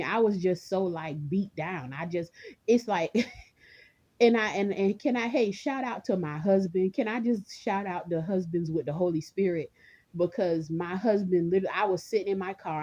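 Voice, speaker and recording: A woman's voice: fairly low pitch, animated, normal speed, a little mellow, muffled recording. A woman vlogger in a casual rant, rambling and chatty, talking straight to her viewers and laughing often.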